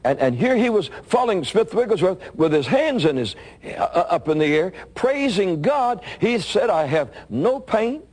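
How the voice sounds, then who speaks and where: Husky man telling a lively sermon story. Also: moderate pace. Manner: animated storytelling, voice climbing high for quoted lines. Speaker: preacher.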